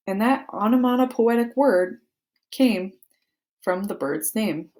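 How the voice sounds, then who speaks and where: A woman's voice: medium pitch, unhurried, a little mellow. A woman reading a children's book aloud, playfully acting out the sound words. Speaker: book reader.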